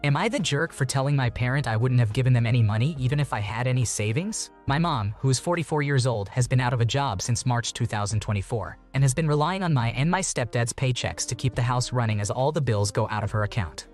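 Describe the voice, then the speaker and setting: A man narrating online posts aloud in a steady, even reading voice. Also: mid-range voice. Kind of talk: scripted narration.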